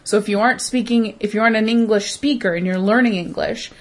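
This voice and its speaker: A woman co-hosting a casual movie podcast with her husband, talking quickly with her words running together, wry and often laughing. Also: a little high. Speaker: podcast co-host. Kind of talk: casual chat.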